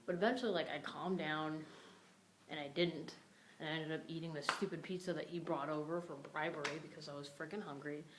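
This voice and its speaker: Low-voiced young woman ranting on her vlog, upset, cussing, bit of hiss. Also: rough recording. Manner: upset, venting, swearing freely. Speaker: vlogger. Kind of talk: casual vlog rant.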